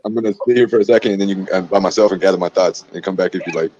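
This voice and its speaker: A man's voice: low voice, racing, mellow, dull audio, a little hiss or hum. A man joking and teasing a woman during a livestream call. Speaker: livestream guest. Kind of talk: casual livestream chat.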